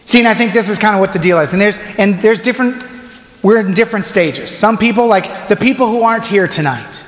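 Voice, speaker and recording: High-voiced deacon in an echoey hall. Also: male voice, brisk. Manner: animated, acts out crowd voices. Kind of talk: storytelling sermon. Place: church.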